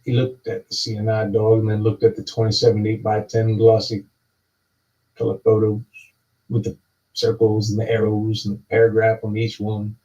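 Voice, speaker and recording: A man's voice: fairly low pitch, normal speed. Guy drawling a long story, kinda far off, muffled lo-fi sound. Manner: drawling, repetitive, builds to excited yelling. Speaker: storyteller performing a talking monologue. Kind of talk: rambling spoken-word story performance. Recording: distant, dull lo-fi recording.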